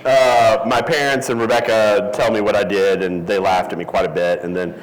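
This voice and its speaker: A man's voice: fairly low pitch, steady tone, moderate pace. Rambling man telling a story in a hall. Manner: rambling, self-deprecating, many fillers. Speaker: interview guest. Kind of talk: casual storytelling. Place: event hall.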